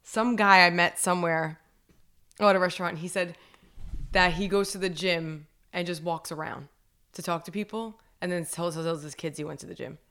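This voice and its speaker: A woman's voice: lowish voice, steady tone, normal speed, fairly bright tone. A woman in her thirties in casual podcast chat, telling stories and saying "like" often. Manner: chatty, storytelling, says "like" a lot.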